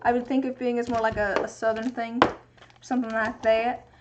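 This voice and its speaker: Heard through a muffled and very noisy recording, a young Pacific Northwest woman chats and thinks aloud on a livestream from her home crafting area, where she makes resin dice. Her pitch sits on the high side, her tone stays level, and her speed is normal.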